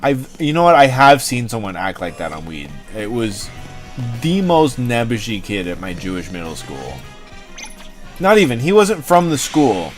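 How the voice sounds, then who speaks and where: A man's voice: mid-range voice, sing-song, normal speed, soft background music. Rambling, joking young man streamer. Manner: rambling, joking, swears freely. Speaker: livestream host. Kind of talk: casual chat to stream chat.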